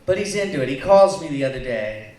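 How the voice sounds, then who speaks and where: A man's voice: fairly high pitch, lively intonation, fairly quick, a little mellow. A man performing a stand-up comedy set in a bar, crude, rambling and self-mocking. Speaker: stand-up comic and co-host. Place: bar lounge stage. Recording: echoey bar room, faint noise, distant mic.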